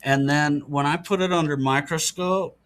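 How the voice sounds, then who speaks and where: This middle-aged man, a guest on a podcast, speaks in a fairly high, slightly bright voice at a moderate pace with fairly even intonation. He talks casually in an interview, explaining things earnestly and matter-of-factly.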